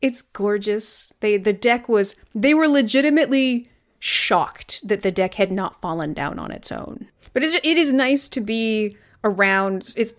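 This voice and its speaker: A woman's voice: mid-range voice, expressive, a little slow. A woman in her thirties from Vermont, co-hosting a podcast in casual, rambling chat, swearing freely and stressing her words. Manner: rambling, profane, emphatic. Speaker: podcast co-host.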